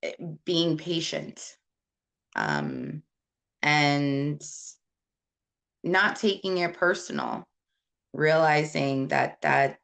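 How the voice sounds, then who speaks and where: A woman's voice: low voice, big pitch swings, extremely slow, vocal fry, long pauses, a bit bright. A woman from Puerto Rico hosting a casual live stream, answering viewer comments in a rambling, candid way with many fillers. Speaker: host.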